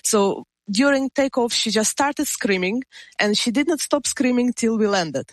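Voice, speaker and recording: Measured woman telling a story. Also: on the high side, lively intonation, no echo. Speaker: podcast guest. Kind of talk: casual storytelling.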